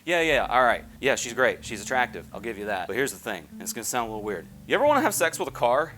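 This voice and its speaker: A man delivers a scripted comedy film review at a mid pitch. He jokes crudely and swears freely, with a faint hiss under his voice. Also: big pitch swings, fast talker. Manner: crude, jokey, profane.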